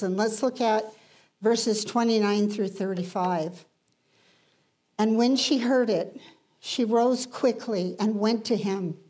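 A woman preaching a sermon, emphatic, rising in intensity and then dropping to hushed lines. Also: mid-range voice.

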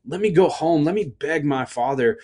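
A man acting out a starving, desperate young man who pleads with himself, his voice pushed noticeably higher than his usual talk. He rambles and restarts as he reasons aloud. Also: expressive, normal speed, mellow.

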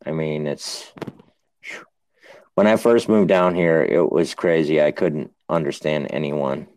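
A man from New Hampshire with a deep voice talks slowly on a podcast. He rambles, laughs a lot and swears freely. The sound is dry and close. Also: a little mellow, dry recording. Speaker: podcast co-host. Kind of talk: casual podcast chat.

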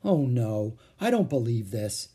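A man's voice: mid-range voice, big pitch swings, measured pace, mellow, slightly rough. A man voicing a cautious, worried young boy who grumbles in exasperation, in a read-aloud storybook. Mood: fretful. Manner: exasperated and fretful.

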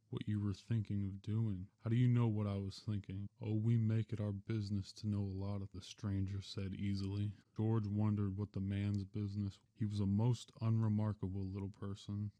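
A man narrating a short story in a measured reading. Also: lowish voice, warm tone, no room sound.

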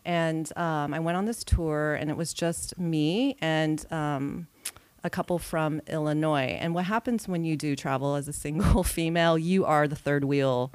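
A woman's voice: low voice, measured pace, clean tone, no echo. A woman in her forties, a podcast guest telling a personal travel story in casual chat, acting out her own thoughts as she goes. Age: 40s. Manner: lively storyteller who acts out her own quoted thoughts.

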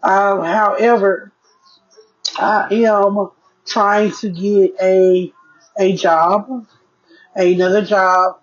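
A woman's voice: mid-range voice, steady tone, very slow, pauses often, highs cut off. A woman hosting her own podcast in a casual diary-style chat, frank and chatty, often calling her listeners "y'all". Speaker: podcast host.

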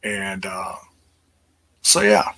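Casual livestream host, middle-aged man, crisp bright voice, loose and rambling delivery. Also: low voice, expressive, drawn-out words. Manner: rambling, many fillers and restarts.

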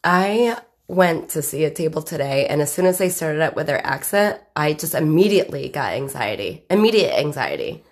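A woman's voice: low voice, lively intonation, normal speed, hardly any pauses. A young woman co-hosting a casual podcast, a few beers in, teasing and rambling as she talks. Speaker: podcast co-host. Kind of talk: casual chat.

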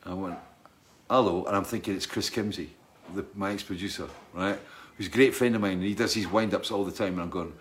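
A middle-aged man, a singer, chatting casually as he answers viewer questions and tells stories in a rambling, halting way. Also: low voice, steady tone, slight background noise. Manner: rambling, halting, full of restarts and asides. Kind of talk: casual chat, storytelling.

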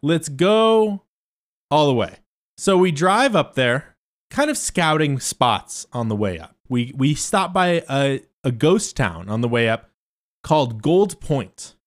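Man, comedian, casual rambling story, lively swooping pitch, loud asides and mutters. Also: unhurried. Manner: animated, swings between loud asides and muttered remarks; loose and profane, lots of fillers and restarts. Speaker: stand-up comedian telling a travel story.

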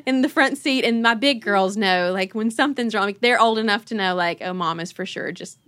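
Bright, animated mom telling stories. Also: female voice, mid-range voice, fairly quick, no echo, clean studio sound. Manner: animated, laughs often, acts out her kids' voices. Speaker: podcast host. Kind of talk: casual conversational storytelling.

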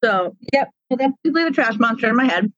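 A woman's voice: on the high side, expressive, fast, a bit bright, dry recording, lo-fi sound. A woman guest on a podcast, chatting casually and enthusiastically with lots of fillers. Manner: enthusiastic, rambling, hedging with fillers.

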